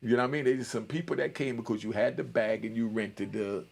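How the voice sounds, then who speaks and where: Gravelly sixty-year-old New man. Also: medium pitch, fairly even intonation, fast. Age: 60s. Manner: loose streetwise storytelling, keeps asking "you know what I mean". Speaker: commentary channel host. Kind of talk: casual livestream commentary.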